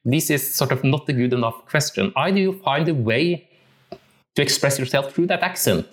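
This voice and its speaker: Thoughtful music teacher, man. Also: medium pitch. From Norway. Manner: thoughtful, searching for words. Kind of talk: reflective talk on musical interpretation.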